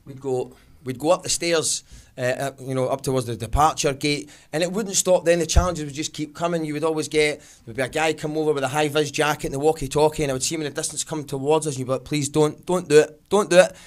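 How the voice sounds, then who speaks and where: A man with a Glaswegian accent performing stand-up comedy, telling a story in an animated, fast-paced way. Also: a little high.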